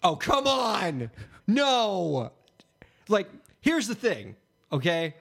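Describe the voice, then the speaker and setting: Podcast host, man, high and animated voice, exasperated and disbelieving. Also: drawn-out words, creaky, husky. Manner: incredulous, exasperated reactions. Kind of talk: comedic podcast banter.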